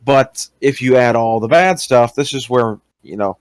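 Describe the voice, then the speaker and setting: A man's voice: medium pitch, unhurried, clean tone, no echo. Young guy on a voice call, lots of ums and restarts, plain mid voice, dry sound. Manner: hesitant, many fillers and restarts. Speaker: interviewee recounting experiences. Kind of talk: casual voice-call talk.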